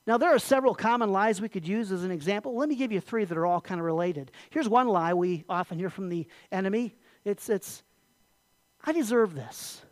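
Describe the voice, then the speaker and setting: A pastor preaching a sermon in a conversational way, asking the congregation rhetorical questions and dropping the voice low and soft on key points. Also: a little fast, few pauses, no echo.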